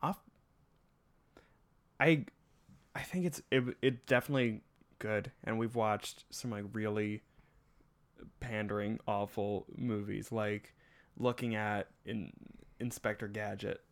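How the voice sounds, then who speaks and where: A young man hosting a podcast, chatting casually with a guest. He drops deadpan jokes in a relaxed, even way. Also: lowish voice, slow, pauses often. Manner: joking, deadpan asides. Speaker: podcast host. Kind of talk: casual chat.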